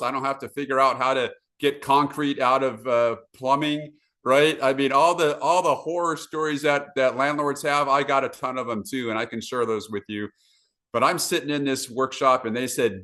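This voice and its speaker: Bright, filler-heavy middle-aged man. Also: medium pitch, moderate pace. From Southern California. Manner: many uh fillers, animated quoted asides. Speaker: podcast guest. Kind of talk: casual storytelling. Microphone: video call.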